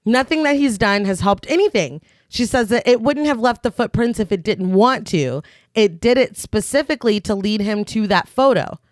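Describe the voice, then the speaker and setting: A woman's voice: a little high, expressive, moderate pace, dry recording. A woman co-hosting a podcast, recapping a film plot in casual chat with dry sarcastic asides. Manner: dry, sarcastic asides between plot beats, laughs often.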